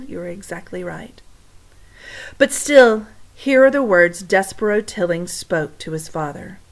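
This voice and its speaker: A woman reading a children's chapter book aloud, storytime style, with a middle-pitched voice. She often turns to talk straight to her young listeners between passages. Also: low-quality recording. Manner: warm direct address to listeners.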